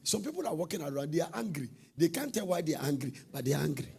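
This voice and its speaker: A middle-aged man preaching a sermon, swinging from soft, low talk to shouted, sing-song bursts. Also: big pitch swings, rapid-fire, creaky.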